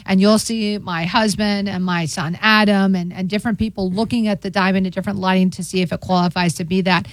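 A middle-aged woman from England, a jewelry store owner chatting on a talk show, animated and persuasive. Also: fairly quick, dry recording. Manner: animated, persuasive, sales pitch. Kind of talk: casual chat.

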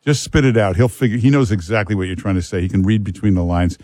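A man's voice: fairly low pitch, fast, mellow, no echo, clean studio sound. A man hosting a talk radio show, emphatic and joking, repeating himself for effect. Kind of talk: casual talk radio chat.

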